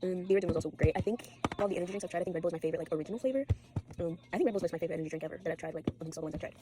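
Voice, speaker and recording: A woman's voice: lowish voice, racing, over music. A teenage girl vlogging at home after an all-nighter, tired, swearing and rambling from topic to topic. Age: teens. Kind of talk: rambling late-night vlog.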